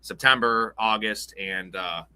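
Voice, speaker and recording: A man's voice: lowish voice, unhurried, bright, forceful tone, clear, resonant tone. A young man hosting a casual live-stream show, joking and rambling through loose banter. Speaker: host.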